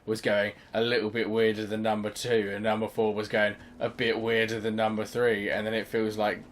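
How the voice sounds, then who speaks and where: A man's voice: fairly low pitch, completely flat delivery, normal speed, a little hiss or hum. A young man giving casual gameplay commentary as a gaming host, chatty and thinking aloud, swearing freely. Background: game sounds and music.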